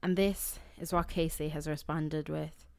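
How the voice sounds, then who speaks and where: A woman's voice: deep voice, fairly even intonation, measured pace, a little mellow, dry recording, clean studio sound. An Irish woman co-hosting a podcast, chatty and giggly, telling stories in casual conversation. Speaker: podcast co-host. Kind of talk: casual chat.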